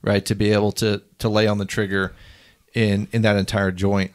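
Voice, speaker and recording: A man hosting a casual podcast interview, thoughtful and coaching in tone, with some loose swearing. His voice sits a little low. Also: level tone, moderate pace. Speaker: podcast host.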